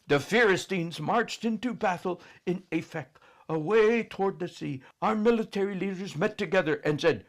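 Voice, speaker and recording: A man voicing a fervent, theatrical old grandmother telling a story, swinging from cheers to hushed whispers. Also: sits high, pitched above the performer's own voice, heavily acted. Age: older.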